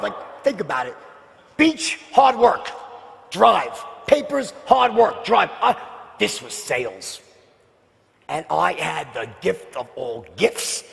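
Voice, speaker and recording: A man's voice: high-pitched, unhurried, gravelly, breathy edge, long reverb tail. A man speaking as a motivational speaker, telling a story to a seminar audience and acting out the other people's lines. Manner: animated storyteller acting out quoted voices.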